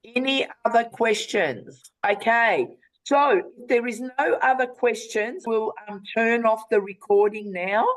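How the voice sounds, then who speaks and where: An Australian woman hosting a live video call webinar, making a chatty, persuasive sales pitch with many fillers. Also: measured pace, low-quality recording. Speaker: webinar host.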